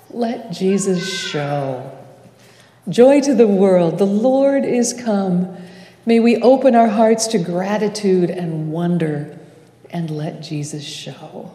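A woman pastor with a mellow, mid-range voice delivers a sermon slowly in a church sanctuary. Her preaching is measured, with dramatic pauses. The echoey hall gives the recording a long reverb.

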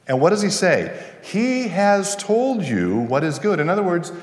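A man preaches to his congregation in a relaxed, conversational way, breaking off for asides and questions. His voice sits a little on the high side. The sound carries the long echo of a church sanctuary. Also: unhurried, few pauses. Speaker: pastor. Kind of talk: conversational sermon. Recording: echoey church with long reverb.

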